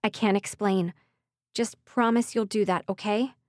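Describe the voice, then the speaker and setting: Woman playing young fantasy heroine, earnest, urgent, mid pitch, dry close audiobook sound. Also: fairly even intonation, a little slow, dry recording, natural voice. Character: young woman heroine, desperate but determined.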